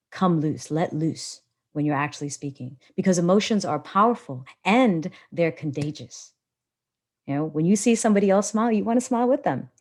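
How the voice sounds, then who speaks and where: A woman leads a live webinar as a public speaking coach, talking into her laptop on a video call. Her teaching is animated and expressive, with big swings in tone, and her voice sits in the mid range.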